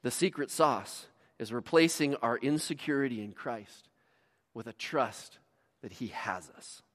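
A man preaching a sermon as pastor, telling stories with dramatic swings from hushed to shouting. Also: medium pitch, measured pace. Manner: animated storytelling, dramatic swings from quiet to shouting. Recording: long reverb of a large hall.

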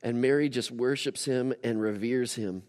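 A man preaching a casual, animated sermon as a pastor, with lively asides to the congregation. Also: mid-range voice, moderate pace, in a large hall. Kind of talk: conversational sermon.

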